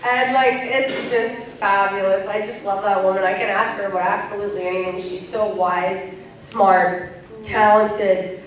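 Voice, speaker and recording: A woman's voice: medium pitch, fairly even intonation, normal speed, slight background noise. A woman from Canada answering fan questions as a convention panel guest, candid and laughing easily. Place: large convention hall. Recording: very echoey hall, distant mic.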